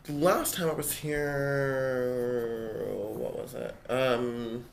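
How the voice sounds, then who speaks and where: A gender-fluid vlogger with a man's voice, ranting to camera in a casual, animated and exasperated way, swearing often. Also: mid-range voice, drawn-out words, creaky, a little hiss or hum. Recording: echoey room with faint ambience.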